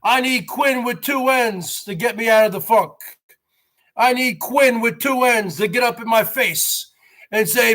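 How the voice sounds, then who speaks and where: High, bright-voiced man in his forties. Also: measured pace. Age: 40s. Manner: talks straight to viewers, calls them folks. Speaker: show host. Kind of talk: rambling vlog monologue.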